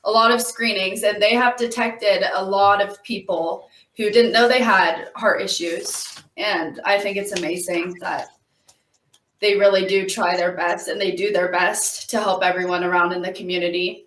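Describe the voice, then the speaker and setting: A young woman, an intern, speaking earnestly and gratefully on a community radio talk show, a little halting. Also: mid-range voice, steady tone, fairly bright tone, far from the mic. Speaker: intern and guest. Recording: roomy, away from the mic.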